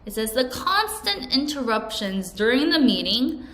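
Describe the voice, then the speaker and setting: A woman's voice: a little high, sing-song, measured pace, fairly bright tone, roomy sound. A woman teacher giving an English vocabulary lesson, who explains each word and has learners repeat sentences after her.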